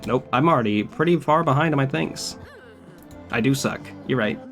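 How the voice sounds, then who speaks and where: A man's voice: medium pitch, moderate pace, fairly bright tone, faint music behind. A man streaming a video game, talking casually with wry, profane remarks. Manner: profane, wry and laid-back. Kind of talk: casual gameplay commentary.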